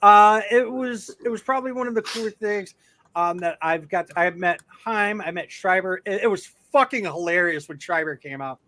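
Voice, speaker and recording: High, bright-voiced man telling profane stories. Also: normal speed. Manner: rambling, profane, animated storyteller. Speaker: podcast co-host. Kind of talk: casual chat, anecdote telling.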